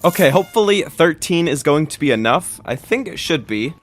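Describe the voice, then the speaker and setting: A young man with a fairly high voice talks through his gameplay in a chatty, upbeat way. He reacts dramatically to setbacks, and faint music plays underneath. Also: lively intonation, brisk. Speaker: gaming YouTuber. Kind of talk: Minecraft let's-play commentary.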